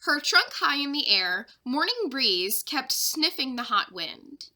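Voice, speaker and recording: A woman's voice: high-pitched, slow. A young woman, a third-grade teacher, expressively reading a children's chapter book aloud to her class. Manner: expressive storyteller.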